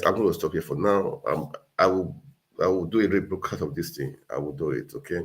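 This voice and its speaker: A man's voice: deep voice, fairly quick. A man hosting a casual livestream, earnestly urging viewers and repeating himself. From Nigeria. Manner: earnest, repetitive, exhorting. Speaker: livestream host.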